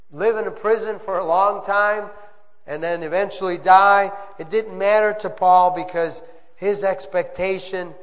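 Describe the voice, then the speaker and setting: High-voiced preaching man, reverberant hall. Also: fairly bright tone. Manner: earnest preaching with call-and-response amens. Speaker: pastor. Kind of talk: sermon. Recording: muffled sound with long reverb.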